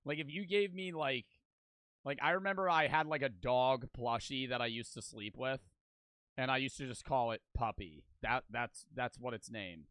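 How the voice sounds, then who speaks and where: Bright-voiced man reacting with profanity. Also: mid-range voice, no echo. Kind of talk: casual chat.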